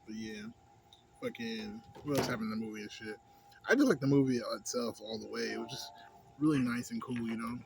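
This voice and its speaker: A young man rambling casually and profanely into his phone about a movie, acting out scenes in a higher voice. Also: expressive, brisk, vocal fry, noisy background. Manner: loose, profane, rambling, acts out scenes in a high voice. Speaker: vlogger. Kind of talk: casual smoke-session movie review.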